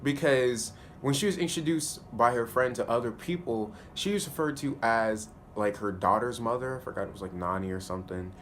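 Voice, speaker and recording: Animated slangy man recapping an episode. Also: mid-range voice, fairly quick, few pauses, slight background noise. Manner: animated, slangy, laughs often. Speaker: TV show reviewer. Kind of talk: casual spoken episode review.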